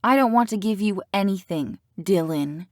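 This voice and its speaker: A woman reading an audiobook, voicing a sharp, protective teenage girl who snaps at a boy she cannot stand. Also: mid-range voice, moderate pace, no room sound, clean studio sound, lightly acted. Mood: irritated. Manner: snappish, through gritted teeth.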